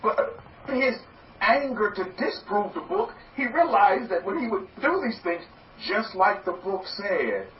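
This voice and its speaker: A man teaching as a rabbi in a lively sermon, acting out quoted voices and repeating words as he goes. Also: high-pitched, unhurried. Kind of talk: sermon-style teaching talk. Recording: echoey, distant, dull and slightly noisy.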